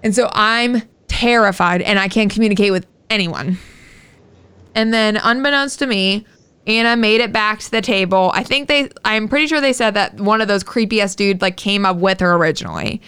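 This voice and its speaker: A woman's voice: mid-range voice, normal speed, smooth. A woman co-hosting a podcast, telling a story in casual chat with lots of swearing. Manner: animated, profane storytelling. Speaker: podcast co-host.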